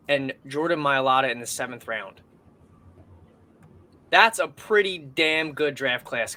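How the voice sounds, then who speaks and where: A man's voice: a little high, bright, forceful tone. A man co-hosting a podcast in casual sports chat, arguing his points emphatically. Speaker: podcast co-host.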